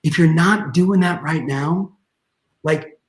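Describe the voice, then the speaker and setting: Energetic man telling a story fast. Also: fairly high pitch, reverberant. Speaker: guest real estate coach. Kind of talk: animated storytelling on a video call.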